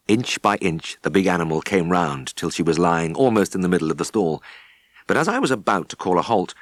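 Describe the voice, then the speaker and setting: Deep male audiobook narrator, lively inflection, dry studio. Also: no echo. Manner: measured storytelling.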